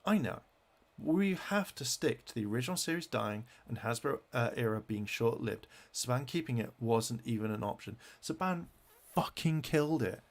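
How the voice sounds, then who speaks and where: A gravelly-voiced man rants angrily on his vlog, swearing in nearly every sentence while he browses web pages. His talk is heated and halting, full of false starts, and his voice sits at an ordinary male pitch with a rough creak running through it. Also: animated. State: angry. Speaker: fan vlogger.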